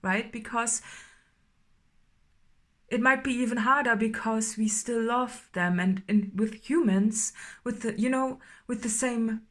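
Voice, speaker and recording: A woman doing an unscripted intuitive tarot reading, halting and filler-heavy, often checking in with "right?" and growing more emphatic as she goes. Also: fairly high pitch, steady tone. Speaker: tarot reader.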